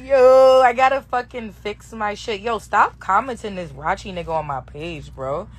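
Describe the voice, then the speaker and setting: A hoarse young woman in her twenties who has lost her voice, chatting brashly and profanely on a phone live stream from a tour bus bedroom, laughing often. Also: mid-range voice, moderate pace, few pauses. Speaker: livestream host. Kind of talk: casual live Q&A chat. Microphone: phone held for a social-media live stream.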